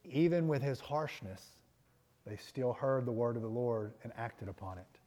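A man delivers a sermon in an everyday mid-range voice, driving his points home by repeating them. His force builds to emphatic peaks, then drops back to quieter, reflective lines. The sound rings with the long reverb of a church hall. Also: medium pitch, expressive, normal speed. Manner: earnest preaching, rising and falling in force, repeating key lines. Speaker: pastor.

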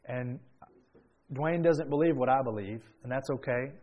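A man preaching a sermon, telling a story quietly and then rising into loud, fervent praise. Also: medium pitch, moderate pace, muffled recording.

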